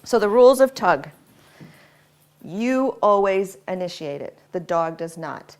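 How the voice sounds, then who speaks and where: A woman's voice: lowish voice, expressive, measured pace. A woman dog trainer demonstrating tug play, explaining patiently between short commands to a dog.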